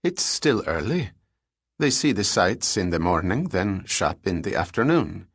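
A man's voice: deep voice, sing-song, measured pace, husky, dry recording, clean studio sound, full character voice. A man reading an audiobook, voicing a nervous and evasive male antiquities dealer who turns guarded and indignant. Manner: guarded, indignant, slightly pleading. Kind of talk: audiobook character voice.

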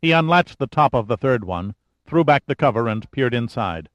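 A man reading a thriller audiobook in a steady, measured storytelling voice. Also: medium pitch, dry recording, highs cut off. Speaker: audiobook narrator. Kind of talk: scripted thriller narration.

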